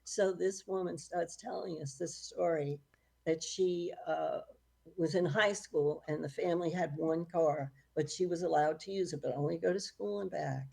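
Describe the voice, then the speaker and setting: A middle-aged woman author recounts stories in a relaxed interview. Her voice is dark and mellow, with a gravelly fry and a husky edge, and she breaks into frequent laughter. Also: on the low side, normal speed. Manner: lively storyteller, laughs often. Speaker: author, guest. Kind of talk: casual storytelling interview.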